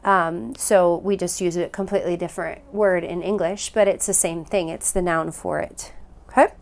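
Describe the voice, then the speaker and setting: A woman teaching a recorded phonics lesson, patiently repeating words and sounding them out slowly for practice. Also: on the low side, fairly even intonation, creaky. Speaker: language teacher.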